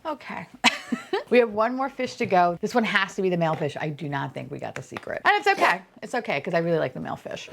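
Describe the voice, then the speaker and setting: A chatty woman unboxing toys, her voice swinging widely up and down as she gushes over each one. She swears freely and often drops into soft whispers when something delights her. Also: medium pitch, very animated, a little fast. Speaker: unboxing vlogger. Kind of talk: casual unboxing chat.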